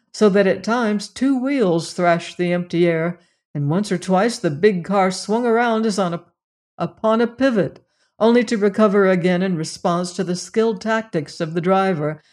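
A narrator reading a classic mystery novel aloud in measured, dramatic storytelling. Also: medium pitch, a little mellow. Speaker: audiobook narrator. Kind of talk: scripted narration.

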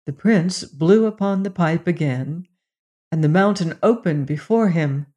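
A storyteller reading a fairy tale aloud in a measured, gently expressive way. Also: medium pitch. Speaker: narrator.

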